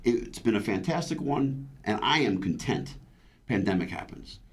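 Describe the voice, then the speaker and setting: A man's voice: on the low side, big pitch swings, moderate pace. A man in his fifties, a veteran bodybuilder, telling his story earnestly in an interview, with frequent restarts and stammers. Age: 50s. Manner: retells his own past words aloud.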